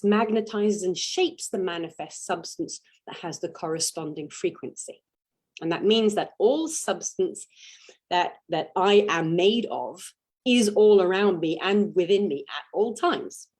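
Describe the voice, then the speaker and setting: A woman giving a spiritual teaching in a slow, deliberate, meditative way, leaning on single words for emphasis. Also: on the low side, darkish tone.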